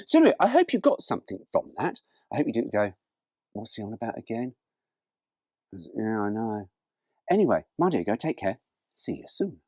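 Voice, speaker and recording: A man hosting a casual car vlog, animated and jokey, rambling from one aside to the next. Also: fairly low pitch, brisk, dry recording. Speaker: host.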